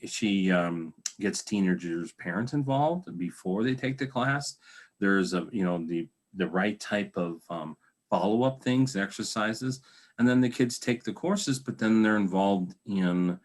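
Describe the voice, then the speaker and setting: Podcast host guy, lowish voice, chatty and encouraging. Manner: encouraging, chatty, many fillers and restarts. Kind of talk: casual interview conversation.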